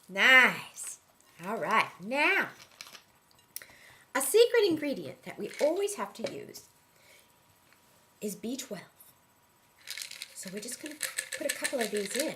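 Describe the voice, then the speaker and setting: A woman's voice: on the high side, sing-song, takes it slowly, long pauses, pushed and bright. A woman clowning her way through a mock cooking demonstration, playful and teasing in a sing-song way. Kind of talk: mock cooking show comedy.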